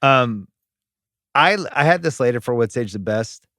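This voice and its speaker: A man's voice: medium pitch, lively intonation, a little slow, bright, forceful tone, no echo, clean studio sound. A man hosting a casual movie podcast, reading out review quotes and joking with profanity. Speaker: podcast host.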